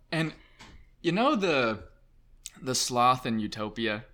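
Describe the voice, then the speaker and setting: A man as a podcast guest, telling an excitable, self-mocking story and acting out voices in a casual chat. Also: medium pitch, slow, pauses often.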